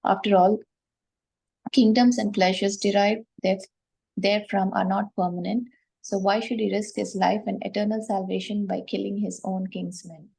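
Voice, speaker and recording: A woman reading a scripture commentary aloud to a class in a steady, careful way. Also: medium pitch, normal speed, creaky, breathy edge, rough recording.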